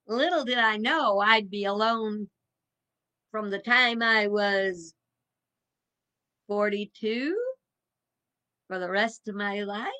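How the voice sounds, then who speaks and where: A woman's voice: medium pitch, slow pace, long pauses, bright, forceful tone. A woman in her seventies, a minister giving a reflective evening talk in a folksy, musing way with chuckles. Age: 70s.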